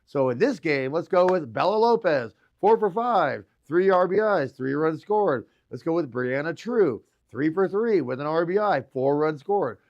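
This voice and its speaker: A man co-hosting a local sports radio show, excitable, reeling off stats. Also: on the high side, moderate pace, hardly any pauses, lo-fi sound. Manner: excitable, hypes teams, rattles off stats. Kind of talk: casual sports talk radio.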